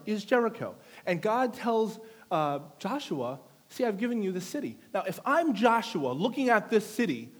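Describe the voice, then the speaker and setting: A male pastor preaching a sermon in a playful way, teasing the congregation and drawing people up front to take part. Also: high voice. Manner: animated storytelling with audience participation.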